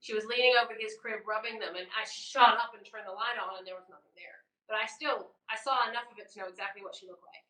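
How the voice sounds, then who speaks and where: Bright-voiced woman telling a ghost story. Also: medium pitch, quick pace, hardly any pauses. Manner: animated storyteller, swings between loud and hushed. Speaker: podcast co-host. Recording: roomy, distant mic.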